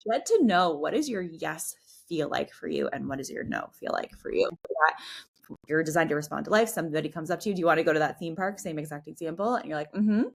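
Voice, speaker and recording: A woman with a low, deep speaking voice, talking on a podcast as a guest coach. She explains things in loose, chatty speech, leaning on "like" and "right?" as she goes. She slips into little acted voices when she quotes people. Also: sing-song, quick pace, vocal fry, breathy edge. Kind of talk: casual explanatory chat.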